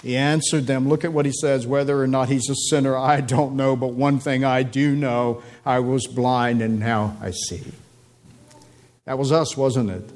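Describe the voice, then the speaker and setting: A man preaching a sermon, emphatic, repeating phrases and climbing in pitch for stress. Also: normal speed, a little mellow.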